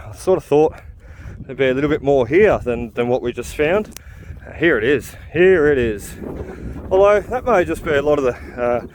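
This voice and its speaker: A man's voice: mid-range voice, darkish tone. Chatty man hiking outdoors. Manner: chatty, rambling, frequent "uh" fillers. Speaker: vlogger relic hunting. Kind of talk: casual walk-and-talk commentary. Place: outdoors on a hill in the bush.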